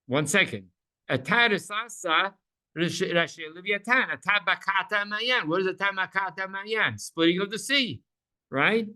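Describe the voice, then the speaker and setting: A man teaching a Bible class, animated, repeating words for emphasis and asking his listeners questions. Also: sits high, moderate pace.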